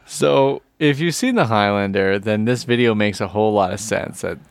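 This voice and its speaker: A man's voice: on the low side, lively intonation, moderate pace, vocal fry, smooth, no room sound. Chatty man in casual podcast banter. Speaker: podcast co-host. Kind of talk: casual chat.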